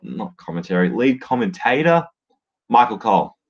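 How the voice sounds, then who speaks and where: A man's voice: fairly low pitch, big pitch swings, moderate pace. A man giving casual solo commentary on wrestling, blunt and swearing freely, with lots of fillers. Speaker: wrestling podcaster. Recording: dull lo-fi sound.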